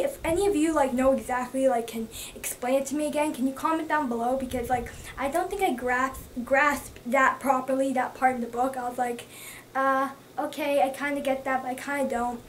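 Gushing high-voiced young woman. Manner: gushing, excitable, lots of fillers. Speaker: book vlogger. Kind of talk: casual book review. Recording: slightly distant mic with faint background noise.

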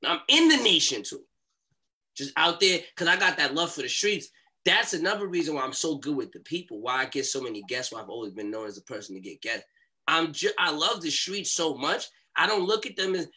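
A young man telling a story as a podcast guest, in animated street talk and acting out what people said. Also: fairly high pitch, a little fast, slightly rough. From New York.

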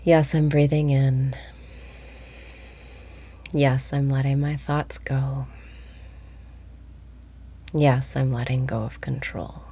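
A woman guiding a meditation, speaking slowly and softly, often breathy and whispered. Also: rumbling low, level tone. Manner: slow, soft-spoken, often breathy and whispered. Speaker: meditation guide. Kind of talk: guided meditation.

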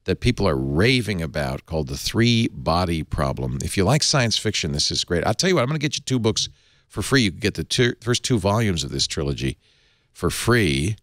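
A man's voice: deep voice, sing-song, fairly quick, fairly bright tone, no echo, clean studio sound. A middle-aged man hosting a tech talk show, chatting casually and reading an ad with restarts and asides. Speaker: podcast host.

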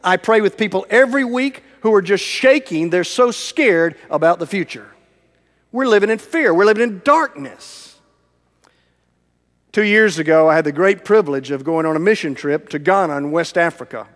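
A middle-aged man preaching a sermon in a church with a long reverb tail. His voice sits fairly high for a man, and his storytelling swings from full volume down to near whispers. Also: lively intonation, moderate pace. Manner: dramatic storytelling that swings from loud to hushed, almost whispered. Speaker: evangelist preaching. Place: large church sanctuary.

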